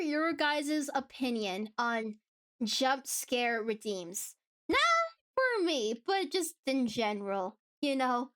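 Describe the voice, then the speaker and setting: A woman's voice: high voice, expressive, slow, fairly bright tone. A woman streaming live, chatting casually with her viewers in a rambling way, laughing often between thoughts. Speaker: VTuber streamer.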